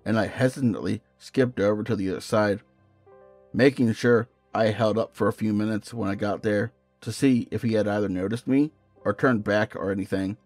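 Low-voiced male horror story narrator. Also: steady tone, dry recording. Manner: measured, hushed storytelling. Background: faint music.

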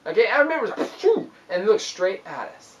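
Young man, animated vlog storyteller, excitable and exaggerated, voice slightly off-mic. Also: high voice, fast, far from the mic, muffled recording. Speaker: youth ministry vlogger.

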